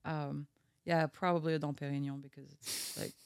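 A woman's voice: sits low, flat delivery, moderate pace, vocal fry, clear, resonant tone, no room sound, studio quality. A woman in her thirties from France with a French accent, a podcast guest chatting casually and filling her talk with "like". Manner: chatty, leans on "like" as filler. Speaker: guest, race data engineer. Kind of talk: casual chat.

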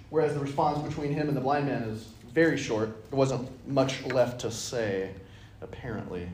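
A man leading an interactive Bible study, reading scripture and acting out the dialogue with lively energy. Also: medium pitch. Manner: animated, acts out dialogue in voices. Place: church meeting room. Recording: echoey room.

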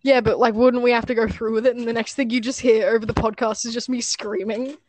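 A man's voice: extremely high pitch, little pitch movement, fast talker, a little hiss or hum. A young man, a student living in a dorm, co-hosting a podcast in casual chat, teasing and swearing with lots of laughter. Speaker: podcast co-host.

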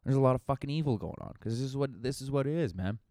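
A man's voice: mid-range voice, animated, fast, mellow, no echo, clean studio sound. A young man, a comedian, rambling through a profane, casual podcast monologue full of fillers.

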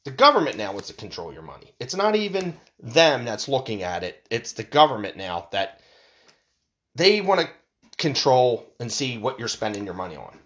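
Animated man ranting with lively pitch. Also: normal speed. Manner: animated, profane, rambling storytelling. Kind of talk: casual ranting monologue.

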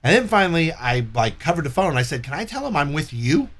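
Talking fast in a higher-pitched voice, a male guest works through a long story in a casual chat. His telling is energetic and profane, with quoted lines acted out in character.

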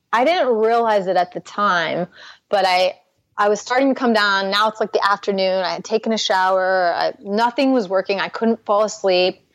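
A woman's voice: medium pitch, no echo. A young adult woman, a Christian life coach, earnestly telling her personal recovery story as a podcast guest, full of "like" fillers.

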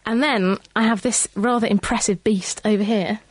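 A woman's voice: medium pitch, fairly even intonation, moderate pace, loud music behind the voice. A woman guest on a radio science show, cheerfully explaining and demonstrating. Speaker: studio guest musician.

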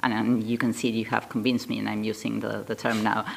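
A woman's voice: extremely low pitch, flat delivery, a little fast, gravelly. A woman co-hosting a podcast, asking questions and searching for her words with frequent restarts. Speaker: co-host. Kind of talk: podcast conversation.

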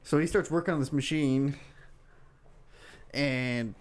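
A man's voice: medium pitch, slow pace. A man co-hosting a casual podcast, telling a rambling story about a work dispute. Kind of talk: casual banter.

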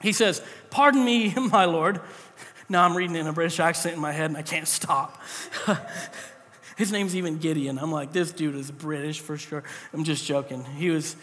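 High bright-voiced pastor in a hall. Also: male voice, steady tone, normal speed. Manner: joking asides, conversational preaching. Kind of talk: sermon.

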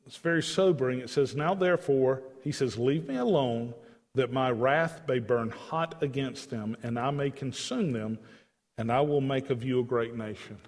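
A man's voice: medium pitch, normal speed, big-room sound. A man teaching a Bible study, reading scripture aloud and explaining it in an emphatic, conversational way.

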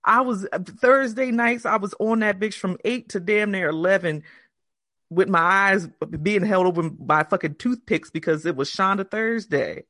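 Woman cohosting a podcast, loud swearing storyteller, dry close sound. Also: mid-range voice, moderate pace, no echo. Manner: profane, animated storytelling with put-on quotes. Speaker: podcast co-host. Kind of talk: casual chat.

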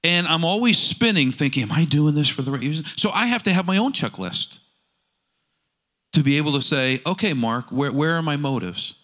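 Lively, bright-voiced male pastor preaching. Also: on the high side, normal speed. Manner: animated storytelling, rhetorical questions. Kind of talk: sermon.

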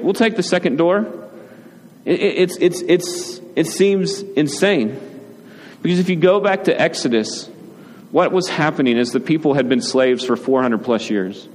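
Preaching man in a reverberant hall. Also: medium pitch. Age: adult, father. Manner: conversational, animated preaching with frequent "right?". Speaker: pastor. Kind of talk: sermon. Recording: reverberant hall with faint ambient noise.

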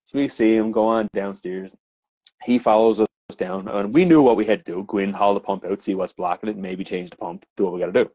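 This Newfoundland plumber talks fast in a lowish voice, chatting on a podcast with a Newfoundland English accent. He's an animated storyteller who laughs, swears and fills his work stories with fillers. The recording is dry, slightly dull and free of room sound.

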